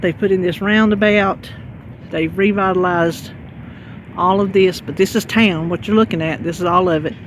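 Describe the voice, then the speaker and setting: A woman's voice: lowish voice, fairly even intonation, normal speed. A woman from North Carolina with a Southern accent, chatting folksily to viewers as she gives a walking tour of her town, filmed outdoors on her phone. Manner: chatty, folksy, rambling, talks to viewers as y'all. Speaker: vlogger. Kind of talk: casual walking tour chat. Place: outdoors on town streets, windy. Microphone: handheld phone. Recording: loud street and traffic noise. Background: cars and city traffic.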